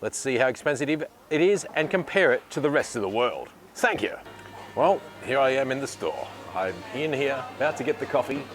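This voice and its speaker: A man's voice: mid-range voice, expressive, moderate pace, faint music behind. An Australian man hosting a casual walk-and-talk vlog, filming himself on a handheld camera and rambling cheerfully as he thanks people. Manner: chatty, rambling, says thank you a lot. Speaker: vlogger host. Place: bakery and city street, indoors and outdoors.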